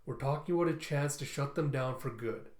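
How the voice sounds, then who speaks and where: Brief: man voicing a commanding general, measured and solemn, roomy echo. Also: mid-range voice, darkish tone, natural voice. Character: commanding older male general, grave and ruthless.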